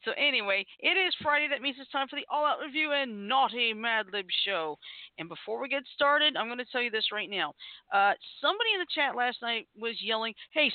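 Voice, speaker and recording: A playful show host whose pitch swings widely as they chat and joke between topics, laughing often. The sound is thin and tinny, like a phone line, and dry with no room around it. Keep it loose and conversational. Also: no room sound. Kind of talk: casual internet radio show hosting.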